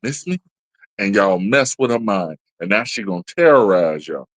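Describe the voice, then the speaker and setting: A man's voice: deep voice, expressive, moderate pace, dry recording, low-quality recording. A man co-hosting a casual movie-discussion podcast, going off on playful, mock-serious rants. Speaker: podcast co-host.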